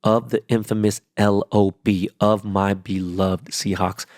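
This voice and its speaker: A man's voice: lowish voice, little pitch movement, unhurried, a little mellow, no room sound, studio quality. A man hosting his own podcast, talking alone in a rambling, profane and emphatic way about movies, shows and football. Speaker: podcast host. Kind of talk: casual solo podcast monologue.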